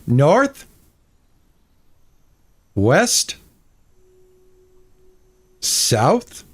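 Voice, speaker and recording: A man's voice: a little high, huge pitch swings, drawn-out words, slightly rough. A man streaming a game, chatting with his viewers and easily exasperated as he plays. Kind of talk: casual gameplay commentary.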